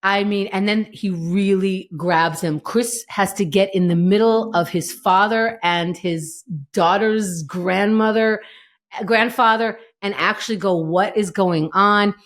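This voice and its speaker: A woman co-hosting a casual chat podcast, her voice sitting at an ordinary middle pitch. She retells scenes with lively energy and acts out the characters' lines as she goes. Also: measured pace. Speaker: podcast co-host. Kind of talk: casual chat recapping a TV episode.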